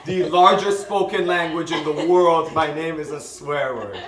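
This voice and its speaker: A man's voice: fairly high pitch, a little slow, a crowd in the background. Laughing young man telling a story. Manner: animated storyteller, laughing, acting out quotes. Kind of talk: casual chat. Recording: roomy, distant mic, noisy background.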